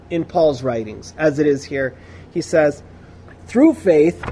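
High-voiced man teaching scripture. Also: a little mellow, a little hiss or hum. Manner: explains by rereading passages, emphatic and chatty. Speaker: Bible study teacher. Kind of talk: conversational scripture lesson.

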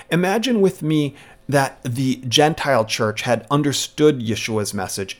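A man giving a scripted teaching talk in a measured, rhetorical way, posing one question after another. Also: mid-range voice.

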